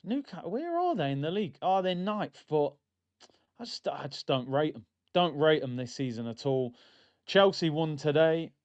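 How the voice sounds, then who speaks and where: A man's voice: fairly high pitch, a little mellow, muffled recording. A man hosting a football watchalong stream, chatting in a casual, opinionated and slangy way and addressing his viewers as "people". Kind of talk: casual fan chat.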